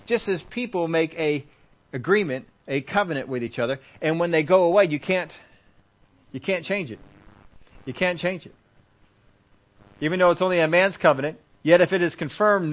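Man, sermon preacher, higher voice, muffled lo-fi recording, acts out little scenes, repeats for emphasis. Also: normal speed. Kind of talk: sermon with Bible teaching.

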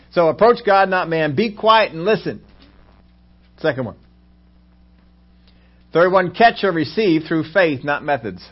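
A male pastor preaches with a fairly high voice. He acts out little scenes, jumping from loud exclamations to hushed asides. The recording sounds dull and lo-fi. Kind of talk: sermon.

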